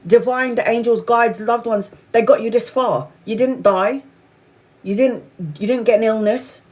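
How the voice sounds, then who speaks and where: Forties woman, spiritual livestream host: frank, sweary, animated, pitched a touch high. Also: a little slow. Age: 40s. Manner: candid, swearing, animated storytelling. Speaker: tarot reader livestream host. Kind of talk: casual spiritual chat.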